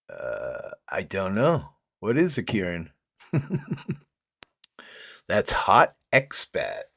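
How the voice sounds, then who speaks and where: A man's voice: mid-range voice, no echo, clean studio sound. A man with toothless, gummy speech, chatting casually on a livestream, laughing often and reading comments aloud. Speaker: livestream host reading chat.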